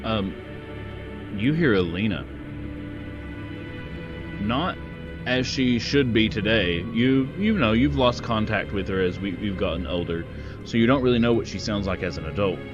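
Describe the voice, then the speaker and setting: A man narrating as game master for a tabletop game, pausing often with ums as he describes scenes. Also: fairly low pitch, lively intonation, muffled recording, music in the background. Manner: slow, hesitant narration with many ums.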